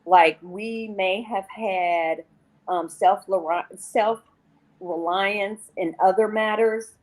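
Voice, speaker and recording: A woman guest on an interview show, telling her personal recovery story in a candid, rambling way and often quoting herself. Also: on the low side.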